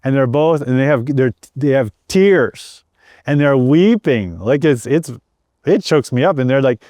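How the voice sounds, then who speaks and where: A man's voice: medium pitch, animated, moderate pace, darkish tone, dry recording, clean studio sound. A middle-aged man earnestly telling a personal story as an interview guest, often repeating words and restarting his sentences. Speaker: guest sharing a personal testimony.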